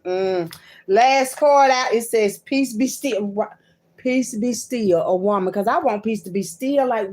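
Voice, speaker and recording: A woman giving a card-reading monologue, swinging between loud outbursts and hushed asides and calling her listeners "baby" and "child". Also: on the high side, measured pace, a little hiss or hum. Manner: talks to viewers as "baby" and "child".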